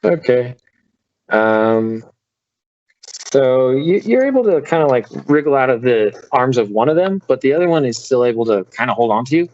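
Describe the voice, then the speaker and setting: A man's voice: medium pitch, animated, normal speed, darkish tone, lo-fi sound. A man running a tabletop game as game master, talking casually with many fillers.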